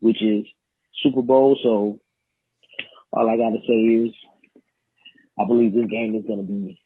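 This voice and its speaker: A man's voice: fairly low pitch, fairly even intonation, unhurried, husky, dry recording. A man leaving a voicemail for a podcast, earnest and confident, with some "um" fillers. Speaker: caller. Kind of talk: phoned-in voicemail. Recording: tinny phone line.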